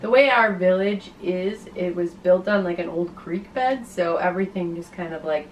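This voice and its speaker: A woman co-hosting a casual vlog chat, chatty and quick to finish her husband's sentences. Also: on the low side, slight background noise, low-quality recording. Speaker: vlog co-host.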